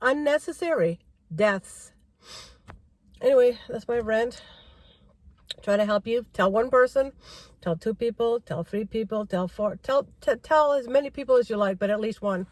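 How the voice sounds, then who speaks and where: A woman's voice: a little high, moderate pace, no room sound. A middle-aged woman vlogger in a car, giving a rambling driving-safety rant and repeating herself for emphasis.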